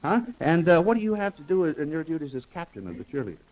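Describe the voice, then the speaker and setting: A man hosts a live radio show at a brisk clip, joking with the teenagers he interviews. The sound is dull and lo-fi, like an old 1950s broadcast recording. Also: on the high side, big pitch swings, a little mellow. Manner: chatty, teasing.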